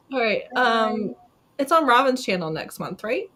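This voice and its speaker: A woman's voice: a little high, a little slow, a crowd in the background. A woman hosting a casual live video chat who tells stories with lots of laughter and acts out what people said. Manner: animated storyteller, acting out quotes, laughing often. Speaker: host. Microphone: video call.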